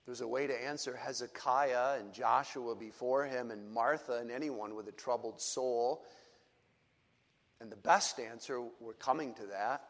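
A man preaching a sermon in a slow, deliberate way, often dropping to a low soft voice. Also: long reverb tail.

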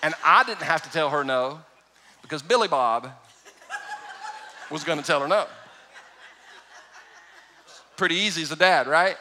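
A male pastor delivers a sermon in a high, bright voice. He is emphatic and animated, and he drifts into humorous storytelling. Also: a little slow, pauses often, slight background noise.

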